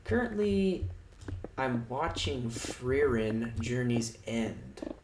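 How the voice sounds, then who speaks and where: A man's voice: medium pitch, measured pace. A man chatting casually on a livestream, rambling and swearing in a sardonic way. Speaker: streamer. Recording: echoey room, noisy background.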